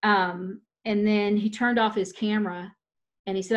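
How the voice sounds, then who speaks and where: A woman's voice: mid-range voice, fairly even intonation, moderate pace. A woman talking in a loose, rambling way, often restarting her sentences as she tells a personal story in casual chat.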